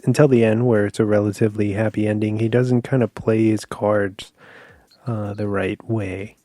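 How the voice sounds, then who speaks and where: Dark-voiced man chatting about a film. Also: lowish voice, little pitch movement, normal speed, dry recording, studio quality. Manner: rambling, searching for words with fillers and restarts. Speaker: podcast co-host. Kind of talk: casual film review chat.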